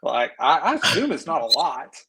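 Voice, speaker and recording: A man co-hosting a podcast, teasing his friend in an excitable, laughing way. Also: fairly high pitch, moderate pace, gravelly, over a noisy crowd. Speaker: podcast co-host. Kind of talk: casual chat.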